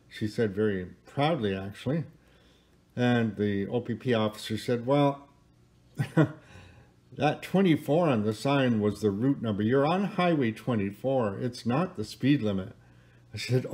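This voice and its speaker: A man telling a long joke in a casual, halting way. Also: mid-range voice, darkish tone. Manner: hesitant, with fillers and restarts. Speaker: church member telling a joke.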